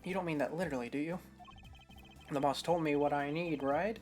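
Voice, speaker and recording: A woman voicing a loud, folksy old male noodle vendor with a put-on drawling accent, reading game dialogue aloud. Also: low-pitched, brisk, soft background music, close to an everyday voice. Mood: boisterous.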